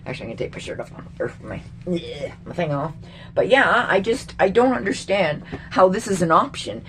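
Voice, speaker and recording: A woman's voice: mid-range voice, very animated, brisk, a little hiss or hum. A middle-aged woman from Canada, a vlogger, ranting angrily about politics to camera with lots of swearing and exasperation. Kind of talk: angry political rant to camera.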